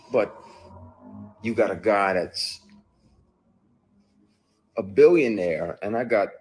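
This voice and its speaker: A man's voice: fairly low pitch, breathy edge. A man in an interview, telling his story in an emphatic, profane way. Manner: emphatic, profane, recounting with acted outbursts.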